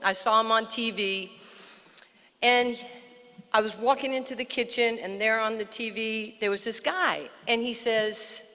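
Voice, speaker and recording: Older new york woman, bright lively storyteller, long echo from the PA. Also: fairly high pitch, moderate pace. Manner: animated storyteller, acts out quotes. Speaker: guest speaker. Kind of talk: storytelling speech. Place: outdoor park dedication.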